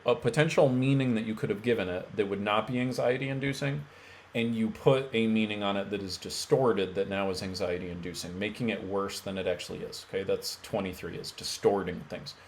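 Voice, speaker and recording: A man's voice: on the low side, slight background noise. A man coaching viewers on mental health, talking emphatically and directly to them, with frequent "okay" and "right" check-ins. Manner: energetic, emphatic, talks straight to viewer with rhetorical okays. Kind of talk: direct-to-camera teaching.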